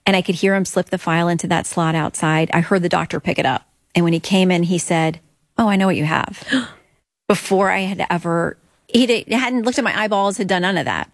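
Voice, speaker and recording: A woman's voice: fairly low pitch, a little fast, no echo. A woman guest earnestly telling her faith story in an interview, acting out quoted lines.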